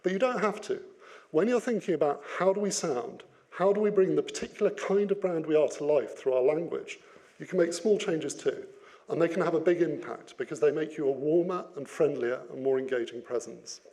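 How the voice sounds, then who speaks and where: A man giving an interactive business talk, lively and playful, putting questions to his audience. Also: fairly high pitch, brisk. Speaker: business speaker.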